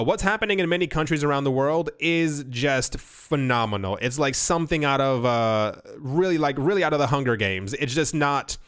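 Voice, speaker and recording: Rambling man, smooth clear voice. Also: medium pitch, fairly bright tone. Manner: rambling, repeats words, restarts often. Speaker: crypto news host. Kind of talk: casual commentary video. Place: home recording setup. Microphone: studio mic.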